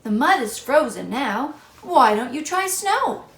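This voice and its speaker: A woman's voice: high-pitched, sing-song, measured pace, roomy sound, pitched above the performer's own voice, heavily acted. A woman reading aloud and voicing a kindly male groundhog who fusses over his neighbors' ailments and gives earnest advice. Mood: concerned, advising. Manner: earnest, fussing, helpful.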